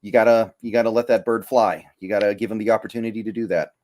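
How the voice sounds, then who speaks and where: Male podcast co-host, slightly low voice, measured delivery. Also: steady tone, a little mellow. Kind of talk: casual sports chat.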